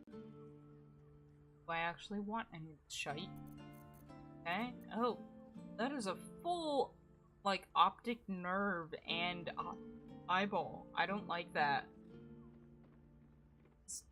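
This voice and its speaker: A woman's voice: on the low side, animated, slow pace, long pauses, music in the background. A young woman casually commenting while she plays a video game, self-deprecating and chatty, swearing now and then. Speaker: gaming streamer. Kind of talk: casual let's-play commentary.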